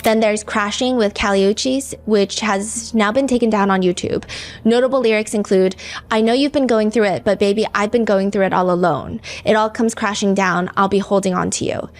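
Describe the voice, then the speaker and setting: A woman's voice: mid-range voice, steady tone, fairly quick. Chatty woman podcast host. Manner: chatty, reads lyrics and comments aloud. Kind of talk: casual true-crime podcast chat.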